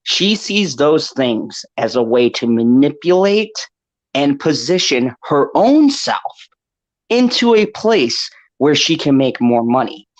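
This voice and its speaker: A man's voice: fairly high pitch, very animated, slow. A man hosting a casual panel podcast, impassioned, laughing often and swearing freely. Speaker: podcast host. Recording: dull lo-fi call audio.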